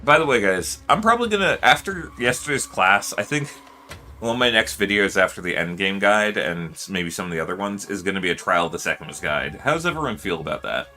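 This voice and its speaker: A man's voice: fairly low pitch, very animated, brisk, sharp tone, faint music behind. A man streaming and chatting casually, rambling with lots of fillers and loose swearing. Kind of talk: casual livestream chat.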